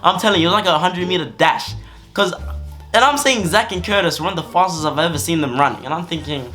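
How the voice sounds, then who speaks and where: A young man telling a story to camera in a lively, excitable voice, pitched a little high for a man. He jumps around in tone and tosses in plenty of slang. Faint music plays underneath. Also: fast talker. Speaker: vlogger. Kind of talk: storytime narration.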